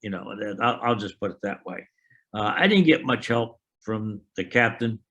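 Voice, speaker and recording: A man in his eighties telling an oral history of his army years, a halting storyteller who restarts often and acts out remembered dialogue. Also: lowish voice, expressive, a bit bright, husky, dull audio. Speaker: veteran interviewee.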